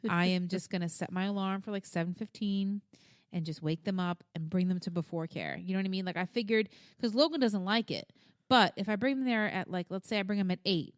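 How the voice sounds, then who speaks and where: A woman's voice: mid-range voice, a little fast, no echo, studio quality. A woman in her thirties co-hosting a podcast, chatting casually in a frank, rambling way, swearing freely. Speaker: podcast co-host. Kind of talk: casual chat.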